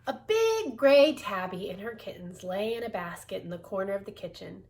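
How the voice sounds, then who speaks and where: A woman's voice: mid-range voice, animated, moderate pace, hardly any pauses, a little mellow. A woman reading a children's book aloud, with playful asides to her listeners. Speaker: reader.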